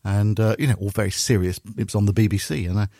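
A man with a Bristolian accent tells stories in a relaxed, chatty way. He is middle-aged and slips into the voices of the people in his stories. His voice is close and dry, with no room sound. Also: lowish voice, fast talker, dry recording. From Bristol, England. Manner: lively storyteller, acts out quoted voices. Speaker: radio presenter. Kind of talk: casual anecdotal chat.

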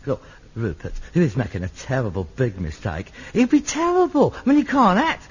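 An actor playing a grumpy, indignant working-class son. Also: male voice, medium pitch, wildly swooping pitch, moderate pace, husky. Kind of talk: sitcom acting. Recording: dull lo-fi old TV recording.

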